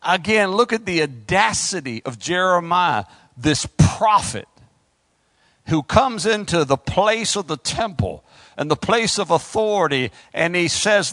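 Fervent high-voiced preacher. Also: male voice, expressive, unhurried, a bit bright, dry recording. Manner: fervent call-and-response preaching, rising and falling. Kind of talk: sermon.

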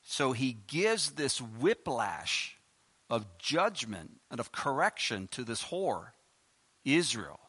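A male preacher delivers a sermon in a bright, forceful voice. He reads scripture passages aloud with rising emphasis and breaks in with rhetorical questions. He ends in a spoken prayer. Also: mid-range voice, sing-song, slow, slightly rough.

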